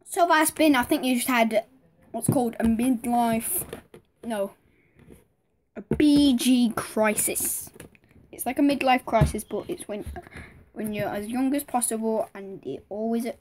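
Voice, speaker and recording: A streamer from Manchester, England, reacts to videos with casual commentary, speaking in a Manchester accent that is blunt, sarcastic and full of free swearing. Her fairly high, darkish-toned voice is unhurried, with slight background noise and music from the video she's playing.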